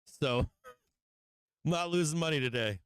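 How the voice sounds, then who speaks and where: A man's voice: fairly high pitch, slow pace, clear, resonant tone, dry recording, rough recording. A man hosting a live stock trading stream, talking casually about the market in a rambling way and venting with profanity. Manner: profane, venting frustration, laughing at himself; rambling with fillers and restarts. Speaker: livestream stock trading host.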